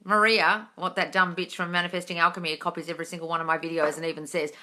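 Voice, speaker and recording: Bright, blunt, swearing woman livestreamer. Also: lowish voice, fast talker, few pauses. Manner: swears freely, blunt and chatty, greets viewers by name. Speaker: livestream host answering viewer questions. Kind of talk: casual live-stream chat. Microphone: phone mic.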